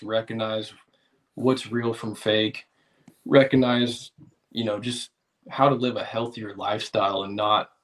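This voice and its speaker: A man with an American accent, a guest on a podcast, speaking in a laid-back, reflective way. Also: fairly low pitch. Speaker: podcast guest, car detailer. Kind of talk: casual podcast interview.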